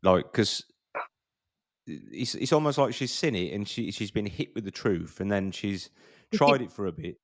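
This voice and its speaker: A man's voice: fairly low pitch, animated, a little slow. A man hosting a podcast, rambling casually with many hesitations and repeated words. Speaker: podcast host.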